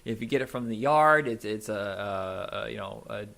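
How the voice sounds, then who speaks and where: A man's voice: on the low side, moderate pace, creaky, fairly bright tone. A man co-hosting a podcast in casual chat, rambling and searching for words with many fillers. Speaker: podcast co-host.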